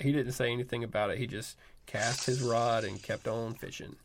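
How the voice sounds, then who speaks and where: A man's voice: mid-range voice, quick pace, hardly any pauses. A man in his thirties telling a personal story in a wry, self-mocking, conversational way. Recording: music heard behind the voice. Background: music.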